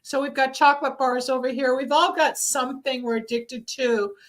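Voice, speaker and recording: A woman's voice: high voice, steady tone, normal speed, a bit bright, poor audio. A woman hosting a radio talk show, speaking candidly and rambling through a casual conversation about recovery, with a cough now and then. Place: studio in Los Angeles.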